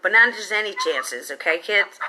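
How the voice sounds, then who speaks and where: A woman's voice: mid-range voice, expressive, moderate pace, pushed and bright. A woman voicing a boastful, stubborn pirate captain in a storybook read-aloud.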